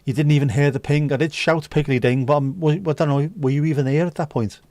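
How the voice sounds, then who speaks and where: A man's voice: fairly high pitch, fairly even intonation, a little fast, a little mellow, dry recording. A man hosting a casual livestream, bantering cheekily with viewers and swearing freely. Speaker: livestream host serving virtual drinks. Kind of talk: casual chat.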